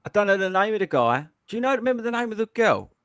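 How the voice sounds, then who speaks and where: A man, high-voiced and swooping all over as he tells a story and laughs his way through it. His voice is dry and close, with no room around it. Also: very animated, fast, fairly bright tone, no room sound. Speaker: podcast host. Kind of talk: casual chat.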